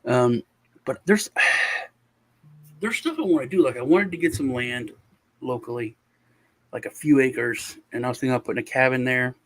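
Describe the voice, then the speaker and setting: A man's voice: medium pitch, moderate pace, pauses often, fairly bright tone. A man hosting a show, telling a long story in casual chat over a video call, with lots of restarts and sighs. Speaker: show host.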